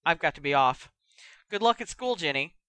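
A reader voicing a cheerful grown wizard who teases and jokes. The tone stays close to the narration, bright and dry. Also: mid-range voice, animated, normal speed, smooth, no echo, close to an everyday voice. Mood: teasing. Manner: teasing, grinning.

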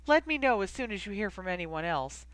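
Brief: narrator voicing a businesslike, dismissive official woman, pitched up, clipped. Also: big pitch swings, a little fast, a bit bright, clear, resonant tone, dry recording. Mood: curt. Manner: curt and businesslike.

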